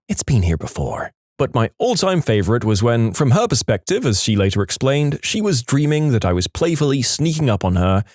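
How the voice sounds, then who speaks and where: A man narrating reader-submitted stories in a scripted, expressive way, acting out the quoted lines with changing voices. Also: medium pitch, no echo, clean studio sound. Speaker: storytime narrator.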